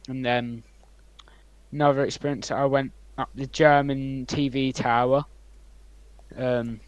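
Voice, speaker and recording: A young man co-hosting a podcast, rambling through anecdotes with many ums and likes and swinging between loud and quiet. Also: mid-range voice, dry recording, rough recording. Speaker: podcast co-host. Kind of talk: casual storytelling chat.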